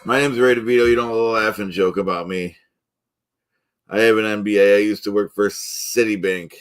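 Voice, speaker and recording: A man hosting a live stream plays a pompous, touchy middle-aged guy cooking ham and eggs, speaking in a somewhat low, steady voice at normal speed. In this lightly acted, improvised comedy bit, he blusters, rambles between topics, and indignantly keeps insisting nobody should question him.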